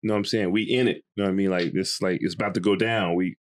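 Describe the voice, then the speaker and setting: Laid-back co-host, low and dry. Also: male voice, fairly even intonation, very fast, dry recording. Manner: laid-back, chiming in with short replies. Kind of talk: casual podcast conversation.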